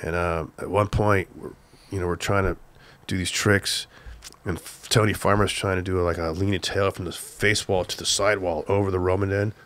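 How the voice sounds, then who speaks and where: An older man from Southern California, a guest telling an excited, profane story, acting out the shouts of the people in it. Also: low-pitched, normal speed. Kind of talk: animated storytelling on a podcast.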